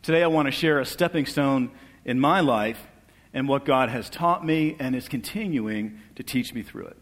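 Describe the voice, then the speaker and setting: A middle-aged man giving an earnest church testimony, asking for amens and dropping soft and low at tender moments. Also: normal speed. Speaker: guest speaker sharing testimony. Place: church hall. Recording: long reverb of a large hall.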